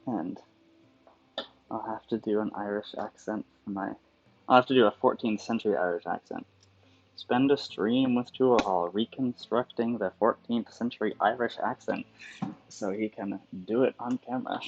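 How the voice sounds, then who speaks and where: A man's voice: fairly low pitch, moderate pace. A man chatting casually on a livestream while he works at calligraphy, thinking aloud and wandering off on tangents. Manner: musing, digressive thinking aloud. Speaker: calligrapher streaming his work. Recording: dull lo-fi sound with faint background music.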